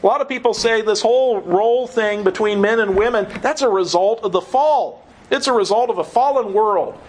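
High-voiced man preaching a sermon. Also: moderate pace, poor audio. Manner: earnest teaching with frequent chuckles.

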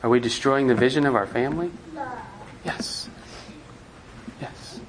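A man's voice: medium pitch, unhurried, a little hiss or hum. A man preaching a sermon as pastor, asking the congregation earnest rhetorical questions.

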